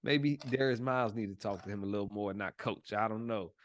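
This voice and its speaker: A man hosting a sports podcast, talking in a relaxed, slangy and jokey way. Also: lowish voice, fairly quick. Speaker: podcast host. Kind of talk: casual sports chat.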